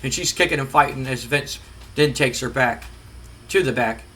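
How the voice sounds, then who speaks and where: A man's voice: medium pitch, moderate pace, sharp tone. A man casually narrating a wrestling simulation game, rambling with fillers. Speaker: game streamer.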